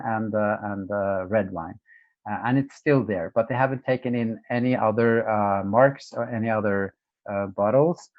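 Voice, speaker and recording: A man's voice: medium pitch, no echo. A man from Norway, an interview guest telling stories in an earnest, emphatic way, full of fillers and restarts. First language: Norwegian. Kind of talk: conversational storytelling. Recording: dry, dull lo-fi sound.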